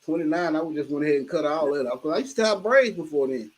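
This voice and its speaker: High-voiced man reminiscing casually. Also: fast. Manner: relaxed, laughing, folksy reminiscing. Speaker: livestream host. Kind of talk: casual chat.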